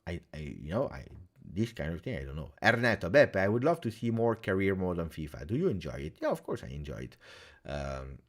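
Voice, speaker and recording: A man's voice: low-pitched, a little fast. A man hosting a live football reaction stream, reading viewer comments and thinking aloud with lots of "eh?" and "uh". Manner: animated, thinks aloud with many uhs and tag questions. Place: home streaming setup in Belgium.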